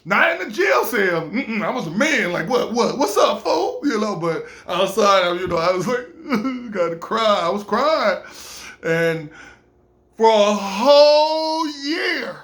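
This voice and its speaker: A man's voice: high voice, expressive, takes it slowly, a bit bright. A man casually telling a personal story, acting out other people's voices and laughing often.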